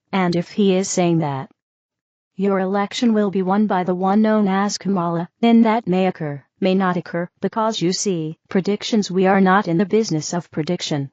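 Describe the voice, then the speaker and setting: A woman's voice: fairly low pitch, a little mellow, no room sound, natural voice. A woman voicing a serene, reassuring female spirit teacher who keeps saying "you see", in a dull, dry recording.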